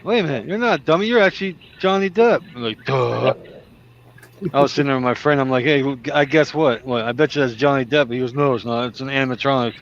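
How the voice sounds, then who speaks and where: A man's voice: medium pitch, steady tone, fast talker, vocal fry, highs cut off. A man chatting casually as a trucker streamer, telling stories with lots of laughter and acted-out quotes. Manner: jokey storyteller, laughs often, acts out quotes. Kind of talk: casual chat. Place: in a truck cab on the road.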